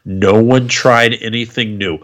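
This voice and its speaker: A man's voice: medium pitch, steady tone, a little slow, fairly bright tone. A man co-hosting a casual podcast, complaining bluntly and wearily about the show. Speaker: podcast co-host. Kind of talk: casual wrestling podcast chat.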